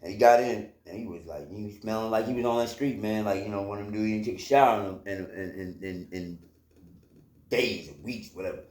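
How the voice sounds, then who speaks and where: A man with a fairly low, slightly mellow voice casually tells a personal story from his own life, speaking fairly quickly. He rambles with lots of fillers and swearing, and the recording has a roomy echo.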